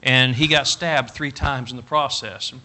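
A middle-aged man preaching a storytelling sermon, folksy and animated, rising to loud emphatic bursts. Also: mid-range voice, normal speed, a little hiss or hum. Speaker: pastor.

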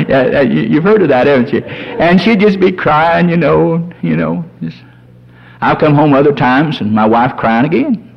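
A man preaching a sermon as a pastor, folksy and animated, telling humorous stories. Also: fairly high pitch, moderate pace, gravelly. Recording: dull lo-fi sermon recording.

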